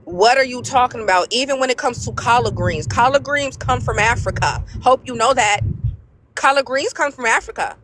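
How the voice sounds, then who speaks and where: A woman's voice: fairly high pitch, brisk, few pauses, noisy background. A woman in a heated live debate who curses freely, trades insults and repeats her points over and over. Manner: cursing, insulting, repeats phrases. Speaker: debate participant.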